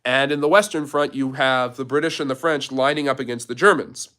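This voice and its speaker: A man of ordinary pitch hosts a live history question-and-answer stream. He walks through events one link at a time, telling them as a story to answer a viewer's question. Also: a little fast, bright, forceful tone. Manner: storytelling, building a step-by-step chain of events. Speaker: history channel host.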